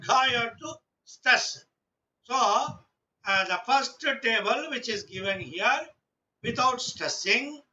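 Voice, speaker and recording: A man's voice: very high voice, pushed and bright, recorded from a distance, lo-fi sound. A male teacher, giving an online class lesson and patiently sounding out letters one by one.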